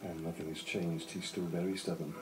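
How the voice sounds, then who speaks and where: A man's voice: deep voice, level tone, brisk, natural voice. An actor playing a stern grown soldier and father in a video game, speaking in a commanding, urgent way. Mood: grave. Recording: game audio with reverb and music.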